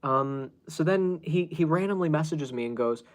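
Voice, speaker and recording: Exasperated man telling a story, higher voice. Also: normal speed. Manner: exasperated, laughing, swearing, quoting others in recounted dialogue. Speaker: podcast host. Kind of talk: casual storytelling chat.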